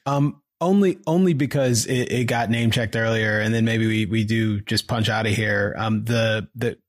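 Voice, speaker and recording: A man's voice: lowish voice, moderate pace, no echo, studio quality. A man co-hosting a podcast with laid-back talk and chuckling interjections. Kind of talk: casual chat.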